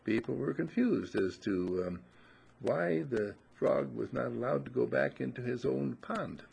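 A man's voice: mid-range voice, unhurried, gravelly, husky. A man giving an inspirational talk, telling a folksy parable with plenty of fillers. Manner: lively, folksy storytelling with fillers. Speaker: inspirational speaker.

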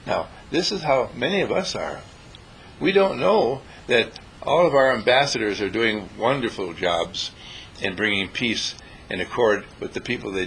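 A man's voice: medium pitch, fairly bright tone, a little hiss or hum, rough recording. A man giving an inspirational talk on peace to a small group, playful and preachy, sometimes acting out other people's voices. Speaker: spiritual teacher.

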